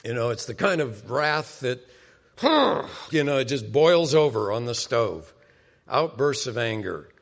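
A man preaching a sermon as pastor, explaining scripture in a conversational teaching manner and acting out quoted lines with sudden loud bursts. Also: mid-range voice, lively intonation, moderate pace.

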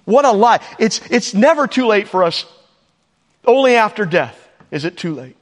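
A man's voice: sits high, big pitch swings, normal speed, in a large hall. A man preaching a sermon as pastor, earnest, with rhetorical questions and repeated lines. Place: church sanctuary.

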